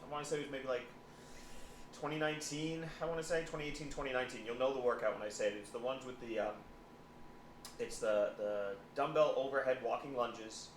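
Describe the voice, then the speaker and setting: A man's voice: medium pitch, brisk. Man in an echoey room telling stories. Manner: animated storytelling, repeats words. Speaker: psychotherapist guest. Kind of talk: casual podcast chat. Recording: echoey room with faint noise.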